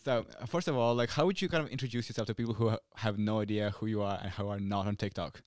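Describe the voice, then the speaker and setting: A man hosting a podcast, asking guests quick, friendly questions. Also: lowish voice, fairly even intonation, dry recording, clean studio sound. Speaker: podcast host. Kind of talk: casual interview.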